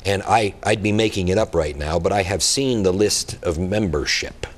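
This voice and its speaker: A man's voice: sits low, normal speed. A man speaking as a guest expert on a TV talk show, giving blunt, emphatic and impassioned answers.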